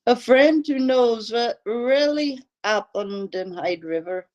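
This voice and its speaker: A woman voicing a creepy anonymous male caller who speaks low and breathy with a clumsy fake accent. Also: takes it slowly, a little mellow, dull audio. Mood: creepy, insinuating. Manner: poorly done vaguely French accent.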